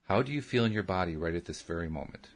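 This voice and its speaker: A soft-spoken, patient woman coaching someone to breathe and relax, as a man puts her on in a low, husky voice. She guides slowly and calmly through each step. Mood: gentle. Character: gentle calm woman teaching a boy to relax.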